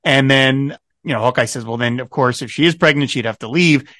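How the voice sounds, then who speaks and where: A man's voice: mid-range voice, fairly quick, no echo. Chatty, laughing man with a dry sound. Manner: animated, laughing often, quoting characters. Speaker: podcast co-host. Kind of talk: casual chat recapping a TV episode.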